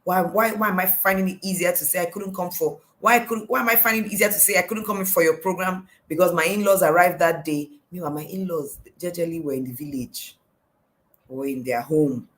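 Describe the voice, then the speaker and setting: A woman's voice: on the low side, fairly quick, a bit bright, low-quality recording. Emphatic Nigerian woman coach. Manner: questioning, emphatic, repeats "why". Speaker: life coach. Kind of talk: devotional coaching talk.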